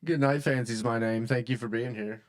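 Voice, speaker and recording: A man on a livestream thanking chatters and calmly giving advice about online behavior. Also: mid-range voice, moderate pace, soft background music. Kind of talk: casual livestream commentary.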